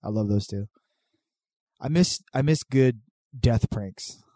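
A man's voice: mid-range voice, takes it slowly, mellow, no echo, studio quality. A man telling a prank story in casual chat, acting out both sides of the exchange. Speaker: podcast guest telling stories.

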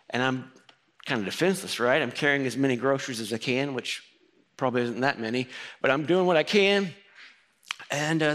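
A man's voice: mid-range voice, fairly bright tone. A man preaching, telling a personal story in a conversational sermon style with quoted voices. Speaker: pastor.

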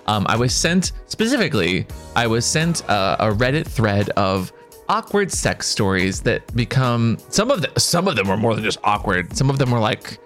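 Man, podcast co-host, playful banter, lively up-and-down pitch, faint music behind. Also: moderate pace.

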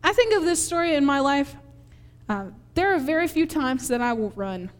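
A woman from Minnesota preaches in a chatty, animated way, laughing as she acts out scenes from her childhood. Her voice sits high. Long reverb from a large hall hangs behind her. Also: normal speed. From Minnesota, USA. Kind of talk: conversational sermon with personal story.

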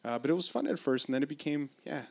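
A man's voice: fairly high pitch, very animated, fast, creaky. Man, from Los Angeles, casual podcast chat, rambling, swears, laughs a lot.

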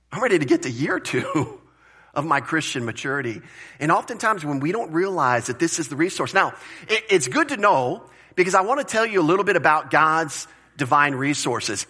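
A man preaching a sermon to his congregation, emphatic and animated, repeating phrases and asking the room questions. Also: on the high side, breathy edge. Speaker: pastor.

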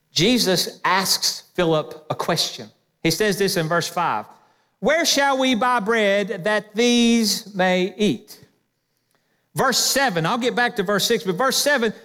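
High-voiced pastor preaching in a reverberant hall. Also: male voice. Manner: lively preaching with quoted asides. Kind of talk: sermon. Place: church sanctuary.

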